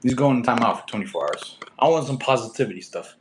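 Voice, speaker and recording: Excitable, breathless male fitness streamer. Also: mid-range voice, fast talker, far from the mic. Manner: excitable, breathless, laughing between attempts. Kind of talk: casual live-stream chat with viewers. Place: indoor room upstairs at home. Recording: echoey room with faint ambient noise.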